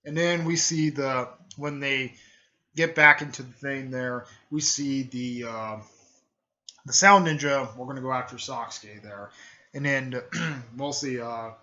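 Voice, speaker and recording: Young man, casual story recap, rambling, full of fillers and restarts, bright tone, dull lo-fi sound. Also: medium pitch, measured pace. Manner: rambling, many fillers and self-corrections. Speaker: fan story narrator. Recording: muffled lo-fi recording.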